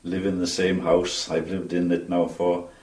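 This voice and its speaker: Welsh man in his seventies, very low voice, measured with ums, roomy far-off sound. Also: completely flat delivery, darkish tone. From Wales. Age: 70s. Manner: measured, with frequent ums and restarts. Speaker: interview guest. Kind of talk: reminiscing interview answers.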